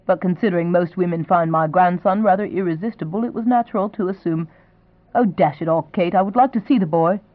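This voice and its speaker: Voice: medium pitch, fairly quick, no echo, close to an everyday voice. Romance audiobook: a reader doing a polite, persistent old duchess. Thin, narrow sound, dry. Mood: genteel. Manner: genteel, pleasantly insistent. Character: elderly duchess grandmother, gracious, persistent.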